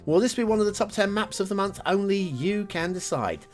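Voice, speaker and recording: A man hosting a show that reviews game maps chats casually over gameplay, his pitch swinging up and down as he wanders from point to point. He's expressive and a little fast, full of fillers and self-deprecating asides, with faint music in the background.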